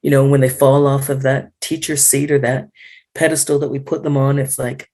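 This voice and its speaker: A woman speaking in a casual panel discussion, frank and animated, with lots of fillers, over a video call. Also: a bass voice, a little fast. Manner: animated, frank, full of fillers and acted-out quotes.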